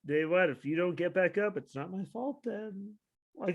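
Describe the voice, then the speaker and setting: A young man co-hosting a casual wrestling podcast, ranting with lots of swearing and sudden shouted bits of quoted dialogue. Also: high-pitched, normal speed, gravelly. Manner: ranting, profane, animated, shouts out quoted lines. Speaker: podcast co-host.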